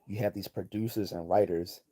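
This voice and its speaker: A man's voice: low-pitched, fairly even intonation, brisk, warm tone, breathy edge. A man hosting a livestream, giving blunt, profane, rambling commentary and reading chat messages aloud. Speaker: livestream host.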